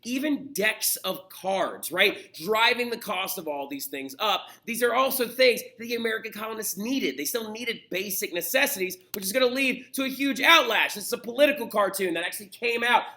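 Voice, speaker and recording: Male teacher, casual lecture; high, very bright voice; chatty, keeps checking in with "right?". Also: animated, moderate pace, hardly any pauses.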